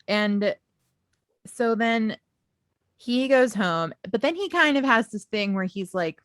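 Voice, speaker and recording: A woman's voice: on the high side, animated, unhurried, dry recording. A woman co-hosting a casual book podcast, recorded remotely with a dry, close sound. She retells scenes by acting out the characters' lines and laughs often. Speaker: podcast co-host.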